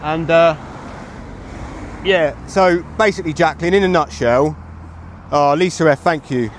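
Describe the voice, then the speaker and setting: This man, English and in his thirties, streams live outdoors on a trafficky street, talking into a phone mic and chatting loosely with viewers. His voice is on the high side, and his pace is measured.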